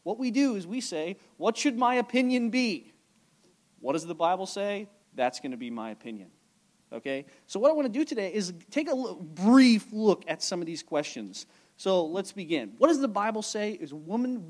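Lively, high-voiced male preacher. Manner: animated, conversational preaching with frequent check-ins. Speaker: pastor. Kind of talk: sermon.

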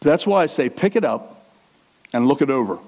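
This is a middle-aged male pastor preaching in a conversational, animated way at a moderate pace. He alternates between low asides and forceful, loud bursts of emphasis.

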